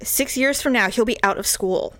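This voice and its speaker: A woman in her forties chatting casually as a podcast host, candid and quick to laugh, with frequent swearing. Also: on the high side, bright, forceful tone, no echo. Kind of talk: casual chat.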